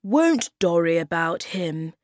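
A woman voicing a kind, clever male creature who explains things calmly. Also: on the low side, slow, no room sound, studio quality. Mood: kindly. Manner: calm, kindly explaining.

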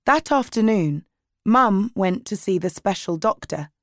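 Woman narrator, slow clear read, dry close mic. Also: medium pitch, animated, no echo. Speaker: audiobook reader. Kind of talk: slow graded-reader narration.

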